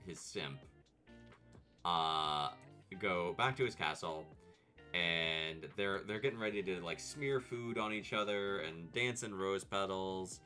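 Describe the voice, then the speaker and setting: Deep-voiced man ranting about a movie. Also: slow pace, soft background music. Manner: animated, profane, sarcastic ranting. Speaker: streamer. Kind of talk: comedic movie commentary.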